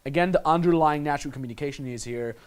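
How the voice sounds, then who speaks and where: A man's voice: fairly high pitch, racing, clean tone. A man coaching the listener on dating in a casual, blunt manner, swearing freely and calling the listener "my friend". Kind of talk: instructional monologue.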